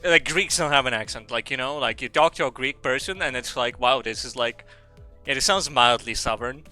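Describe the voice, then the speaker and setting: A man's voice: mid-range voice, moderate pace, bright, forceful tone, faint music behind. A young man streaming a game, reading its dialogue aloud with stumbles and silly asides.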